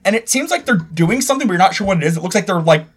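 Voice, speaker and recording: A woman's voice: mid-range voice, animated, rapid-fire, breathy edge. A woman narrating as the game master of a tabletop game, describing scenes in a rambling way with fillers.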